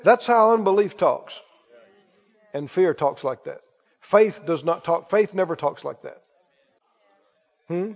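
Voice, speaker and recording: A man preaching a lively sermon, calling out to the congregation and acting out anxious voices. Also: sits high, takes it slowly, gravelly, long pauses. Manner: animated, calls for responses, acts out worried voices. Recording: dull echoey hall recording.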